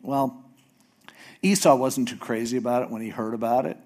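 A man preaching a sermon, retelling a story in a casual, animated way. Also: mid-range voice, normal speed. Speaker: pastor.

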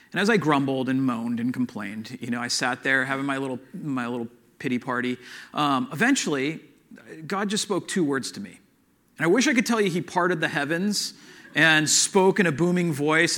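Pastor guy telling his testimony in a sermon, kinda high voice, earnest and chatty, punches words up and down. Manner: earnest, conversational storytelling with animated swings in emphasis.

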